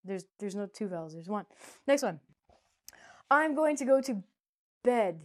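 A woman teaching an English pronunciation lesson in a playful, chatty way, now loud, now soft. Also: mid-range voice, animated, moderate pace. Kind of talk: casual spoken lesson.

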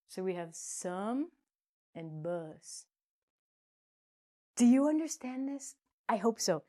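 A woman teaching an English pronunciation lesson in a playful, chatty way, now loud, now soft. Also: medium pitch, expressive, slow, long pauses. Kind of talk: casual spoken lesson.

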